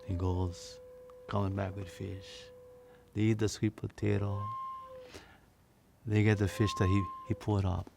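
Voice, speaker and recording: A man's voice: on the low side, little pitch movement, a little slow, gravelly, long pauses. A man with a Hawaiian Pidgin accent telling a legend dramatically, with emphatic repetition. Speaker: teacher storyteller. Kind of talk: oral storytelling. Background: instrumental music.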